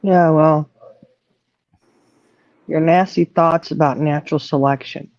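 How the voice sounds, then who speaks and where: A man's voice: fairly high pitch, steady tone, takes it slowly, no room sound. A man hosting a casual livestream chat, angry and profane, holding back tears. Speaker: livestream host. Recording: dull lo-fi mic.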